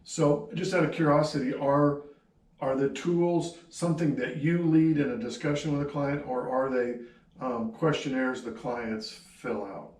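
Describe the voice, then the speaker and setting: A man at a medium pitch interviews guests for his students, with an easy, joking warmth. His voice comes from a little way off the mic. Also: fairly even intonation, a little slow, distant mic. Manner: friendly, teasing, talks to a class. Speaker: instructor interviewing social workers. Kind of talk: classroom video interview.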